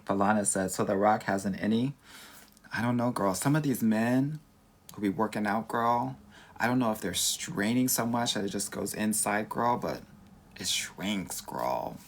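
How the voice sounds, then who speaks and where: His voice is lowish, creaky and a little slow, carrying a Valley accent from Southern California. The man is a dating coach doing a casual livestream Q&A, full of sass and camp, with "girl" for everyone.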